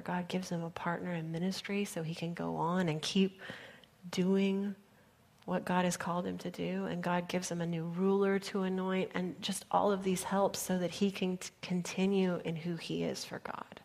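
A woman pastor giving an earnest sermon, often dropping her voice to a soft near-whisper for emphasis. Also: fairly low pitch, vocal fry.

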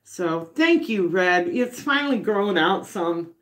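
A middle-aged woman talks to her viewers from her home kitchen. She speaks slowly and warmly chatty, reading comments aloud in an easy, unhurried way. Her voice sits at a middle pitch and is picked up by a phone or webcam nearby. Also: animated. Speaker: livestream host. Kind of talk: casual livestream chat while baking.

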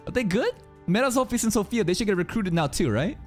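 A man's voice: high voice, fast talker. Hyped guy doing anime reactions, voice jumps all over, cusses a lot, faint music behind. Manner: excitable, swearing, thinking aloud. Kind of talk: casual live reaction commentary.

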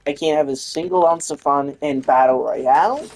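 A woman's voice: deep voice, moderate pace, a little mellow. A woman giving gameplay commentary, ranting in frustration with heavy swearing. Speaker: gaming channel host.

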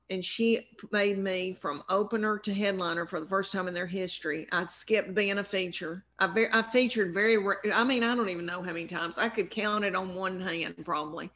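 A woman's voice: medium pitch, fairly even intonation, normal speed, bright, forceful tone. A middle-aged woman with a Southern US accent, a comedian telling rambling, self-deprecating stories in a casual interview. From American South. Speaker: comedian guest.

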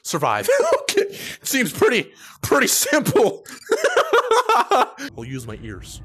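A young man giving gaming commentary, loud and profane, with sudden yelps and laughs. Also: sits high, huge pitch swings, slow pace, slightly rough. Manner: loud, swearing, erratic bursts and laughs. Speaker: gaming YouTuber. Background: game music.

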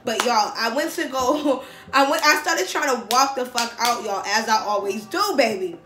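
A young woman, telling a story on her vlog in a slangy, profane, animated way. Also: on the high side, normal speed. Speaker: vlogger. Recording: echoey room with faint music.

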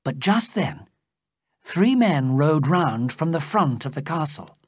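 A narrator reading a graded story aloud slowly and plainly for English learners. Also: no room sound, clean studio sound. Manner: slow, clear storytelling with lively pitch. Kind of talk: slow scripted audiobook narration for English learners.

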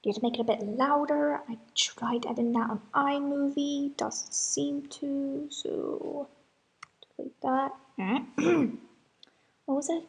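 A woman with a high, bright voice talks to herself between takes of her own audio drama. She sighs, mutters and mocks herself, and her pitch swings widely. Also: lively intonation, slow pace. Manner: self-mocking, sighing, chatty muttering to herself. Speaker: writer and voice actor of an audio drama. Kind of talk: casual blooper outtakes while recording.

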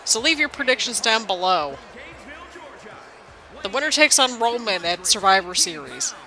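A woman's voice: medium pitch, big pitch swings, normal speed, pushed and bright, faint music behind. A young woman hosting a gaming channel, chatting casually and rambling as she comments on a wrestling game. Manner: chatty, rambling, laughs often. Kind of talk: casual let's-play commentary.

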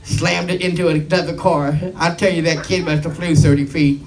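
Raspy-free stand-up man, distant mic. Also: on the high side, normal speed. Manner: rambling deadpan delivery with filler asides. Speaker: stand-up comedian. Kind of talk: stand-up comedy set.

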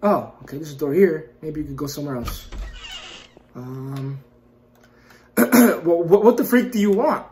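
Jumpy man yelling through a horror game. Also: fairly high pitch, unhurried, pauses often, a little hiss or hum. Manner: jumpy and excitable, yelps at scares then mutters to himself; trash-talks the game with constant mild cursing. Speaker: gaming YouTuber. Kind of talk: let's-play horror game commentary.

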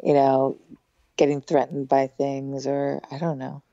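A woman with a hoarse voice that sits low and dark, talking in a loose, meandering way full of "like" and "you know". The sound is dry and a little dull. She comes across as a guest in a relaxed podcast interview. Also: a little slow, dry recording. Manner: rambling, lots of "like" and "you know". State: hoarse, losing her voice. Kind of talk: casual interview chat.

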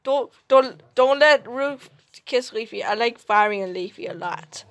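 A woman hosting a reaction video in casual commentary, excitable and teasing as she talks to what she watches. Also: on the high side, a little slow.

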